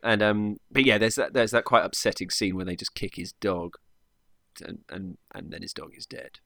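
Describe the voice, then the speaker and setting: A man's voice: lowish voice, moderate pace, gravelly, pushed and bright, no echo, clean studio sound. A man co-hosting a casual film review chat, talking loosely with frequent laughs and restarted sentences. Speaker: podcast co-host.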